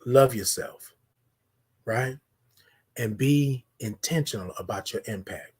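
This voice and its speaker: A man hosting a live-streamed morning show, talking in a preachy, affirming way, repeating his lines and swinging from loud to hushed. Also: mid-range voice, slow pace, breathy edge. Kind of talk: motivational live-stream talk.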